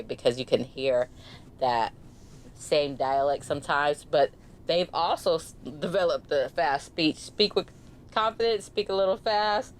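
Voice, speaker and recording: Woman, Bay Area accent, low voice, fast casual podcast chat, faint background noise. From San Francisco Bay Area. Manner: fast-talking, laughs often, drops her R's. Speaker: podcast host.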